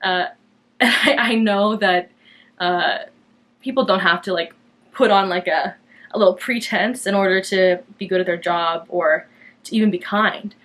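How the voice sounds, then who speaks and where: A young woman from Canada hosting a knitting podcast in a loose, chatty way. She rambles through her thoughts with plenty of fillers and small restarts, and her voice jumps up brightly whenever she quotes herself. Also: mid-range voice, unhurried. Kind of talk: casual chat to camera.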